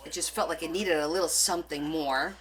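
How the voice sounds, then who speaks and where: A woman's voice: sits low, a little fast. A woman hosting a live crafting stream, chatting casually and rambling as she answers viewers' comments.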